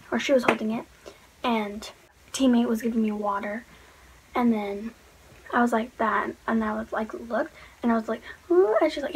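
A woman's voice: a little high, a little hiss or hum, rough recording. A teenage girl telling a personal storytime vlog in a chatty, rambling way, full of "like"s. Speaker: vlogger.

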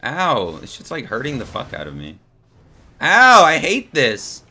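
A man's voice: mid-range voice, measured pace. Young guy streaming a game, hyped and sweary, voice bouncing all over the place. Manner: excitable, swearing, laughing, talks to chat. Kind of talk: live gameplay commentary.

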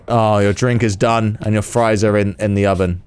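A man's voice: lowish voice, fairly even intonation, normal speed, darkish tone, clean tone. A man giving casual gameplay commentary with exaggerated reactions, sarcasm and swearing. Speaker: gaming channel host.

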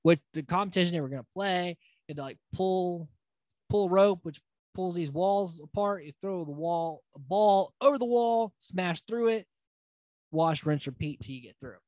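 A man's voice: high-pitched, normal speed, a little mellow, no echo. Casual male podcast host, dry sound. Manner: rambling and conversational, with frequent fillers and casual swearing. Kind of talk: casual reality TV recap.

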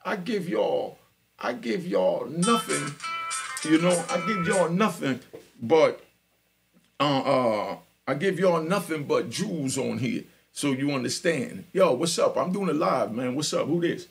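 A man's voice: on the high side, animated, unhurried, creaky, faint music behind. A man from Jamaica, hosting a live podcast and telling his life story in a street-talk style, often checking that listeners understand. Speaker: podcast host.

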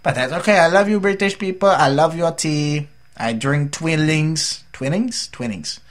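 A man's voice: fairly high pitch, lively intonation, normal speed. A tired young man from the United States rambling through a casual, jokey vlog update as a gaming YouTuber.

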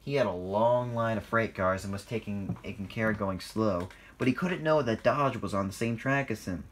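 A man's voice: on the low side, moderate pace, slight background noise. A man reading his own fan story aloud, informally and with small slips.

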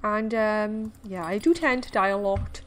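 A young woman streaming games gives casual let's-play commentary on her own gameplay, jumpy and squealing when scared while poking fun at herself. Her mid-range voice is a little slow, with a slight hiss or hum in the recording.

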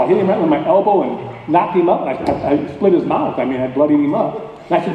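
Guy spinning a yarn at a church dinner, folksy and animated, kinda high voice, heard from way back in a big echoey hall. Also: fast, slight background noise. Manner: animated, folksy storytelling with plain colloquial grammar. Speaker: guest speaker. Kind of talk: telling a personal story to an audience. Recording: distant, echoey hall, thin phone-like sound.

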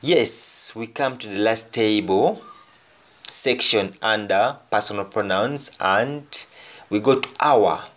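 A man teaching a language lesson, repeating each example phrase deliberately. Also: on the low side, fairly bright tone.

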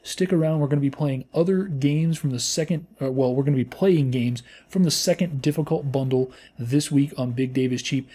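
A man hosting a gaming channel, giving playful, casual commentary as he plays and squealing high when things go wrong. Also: fairly quick, hardly any pauses, mellow, husky. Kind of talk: casual let's-play commentary.

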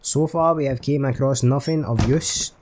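A man's voice: mid-range voice, normal speed, background noise. A man commentating on a horror game he is playing, sweary and jokey with jumpy reactions. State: recovering from a chest infection. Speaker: gaming channel host. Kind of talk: let's play commentary.

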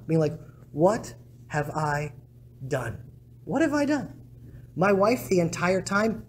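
A rabbi speaking to a congregation, telling stories in an animated way and acting out quotes with big swings in pitch and loudness. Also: male voice, slight background noise. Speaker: rabbi giving a talk. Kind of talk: storytelling talk to a congregation. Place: synagogue congregation hall.

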